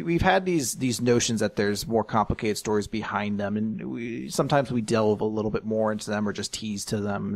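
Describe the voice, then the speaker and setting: A man's voice: fairly low pitch, creaky, no room sound, studio quality. A man co-hosting a podcast, giving rambling opinions in casual chat full of tangents and restarts. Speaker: podcast co-host.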